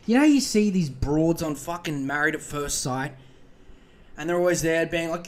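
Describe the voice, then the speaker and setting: A man's voice: sits high, moderate pace, a bit bright. An Australian man hosting a podcast in a profane, rambling comedic rant. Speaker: podcast host.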